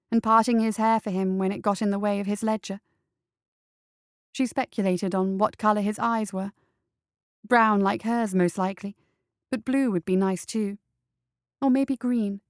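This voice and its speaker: A woman reads audiobook narration, telling a story in a steady, even manner. Her mid-range voice is captured with clean studio sound and no room noise.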